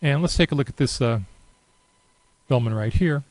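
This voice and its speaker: A man giving a relaxed, unscripted screen-recorded software tutorial, thinking aloud with many fillers. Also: mid-range voice, normal speed, no room sound, rough recording. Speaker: software demonstrator.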